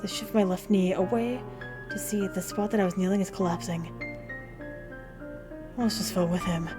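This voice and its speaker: A woman at a middle pitch reads a narrative game aloud as its heroine, in an emotional, intense first-person delivery. Her voice rises in urgent moments. Game music plays clearly behind her. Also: moderate pace. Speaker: gaming video host. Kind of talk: dramatic reading of a narrative game.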